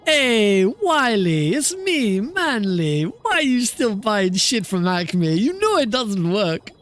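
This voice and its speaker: A man's voice: high-pitched, very animated, slow, fairly bright tone, pitched above the performer's own voice, exaggerated voice. A man voicing a brash, smug male cartoon coyote hustler with a Mexican accent, talking in a cocky, streetwise way.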